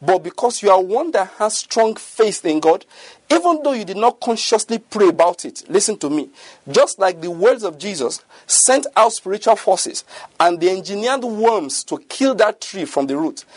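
High-voiced, husky male preacher. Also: dry recording. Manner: earnest, repetitive, often asks listeners if they follow. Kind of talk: sermon.

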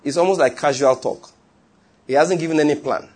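Man, pastor preaching, husky voice, fairly high pitch, insistent. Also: brisk, a little mellow. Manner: emphatic, repetitive, keeps checking the listeners follow. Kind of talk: sermon.

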